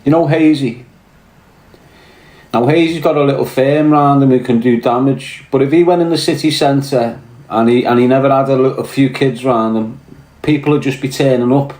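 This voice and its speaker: A man's voice: medium pitch, steady tone, moderate pace, a little mellow. A man with a Liverpool Scouse accent, ranting bluntly on a podcast and swearing heavily. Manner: blunt, heavy swearing, fired-up. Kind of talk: casual rant. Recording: roomy echo.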